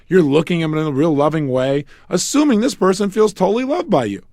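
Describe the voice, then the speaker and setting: Lively, animated man teaching. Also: on the high side, fast talker, dry recording, clean studio sound. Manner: animated, acts out quarrels between couples; joking asides. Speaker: self-help speaker. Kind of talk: motivational relationship seminar.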